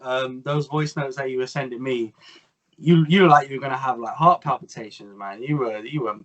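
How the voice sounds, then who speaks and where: A young man, co-hosting a casual football chat in a measured, analytical way with some exasperation. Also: mid-range voice, a bit bright, highs cut off. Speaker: co-host.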